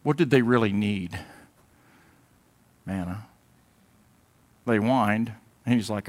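A pastor preaching a sermon in a conversational way, moving between loud emphatic bursts and quiet asides, now and then mimicking whiny voices for a laugh. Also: male voice, fairly low pitch, slow pace, pauses often. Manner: mimics whining voices in a comic way.

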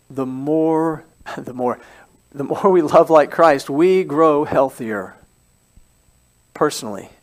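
Man, pastor, high-pitched, conversational sermon, repeats key phrases, quizzes the congregation. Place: church service.

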